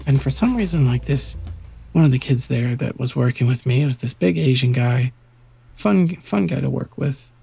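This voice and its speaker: A man co-hosting a podcast, telling a rambling, animated workplace story in casual chat. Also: medium pitch, normal speed, gravelly, breathy edge, soft background music. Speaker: podcast co-host.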